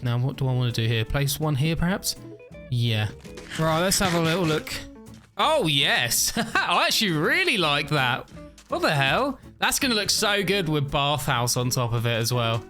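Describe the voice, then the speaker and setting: A man's voice: fairly high pitch, bright, forceful tone. A tired man giving casual, upbeat gameplay commentary, thinking aloud and laughing often. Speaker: gaming video creator.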